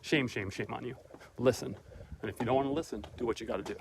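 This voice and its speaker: A middle-aged man, mid-pitched, talking straight into his phone as he walks outdoors. He is earnest and a little preachy, like a mentor giving a pep talk to his followers. There is faint outdoor noise behind him. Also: fast talker, gravelly. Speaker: motivational vlog host. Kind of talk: casual motivational monologue on a walk. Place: outdoors on a walk, then at his front door. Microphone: phone camera held by the speaker.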